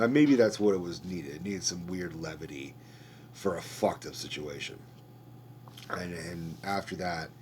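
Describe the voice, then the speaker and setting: Deep-voiced man ranting about a movie. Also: a little mellow, a little hiss or hum. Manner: rambling, profane, conversational. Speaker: podcast host. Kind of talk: casual movie review rant.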